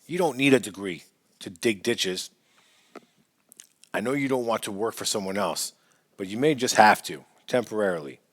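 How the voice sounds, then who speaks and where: A distressed young wife pleads and snaps in a worn, tearful voice, as a male narrator puts her on. The delivery is fairly low and steady for an audiobook figure. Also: normal speed, long pauses. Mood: contemptuous, then pleading. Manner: pleading, sharp when angry.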